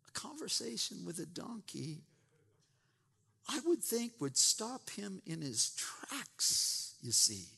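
A man's voice: high-pitched, very animated, takes it slowly, gravelly, bright, forceful tone, husky. A man preaching a sermon, retelling scripture with emphatic asides and repeated words. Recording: long reverb in a large hall.

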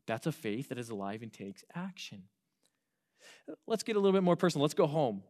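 A young man preaching to a youth group, talking in an earnest, animated way with frequent restarts and stammers. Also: on the high side, a little fast. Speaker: youth pastor.

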